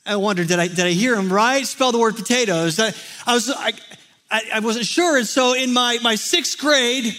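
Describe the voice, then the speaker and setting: A man in his forties from Texas tells a personal story to an audience, with a very high voice that rings bright and forceful. He talks in an animated way, acting out quotes and filling gaps with ums and you-knows. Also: normal speed. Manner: animated storyteller, acts out quotes, many fillers. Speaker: speaker. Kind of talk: storytelling talk.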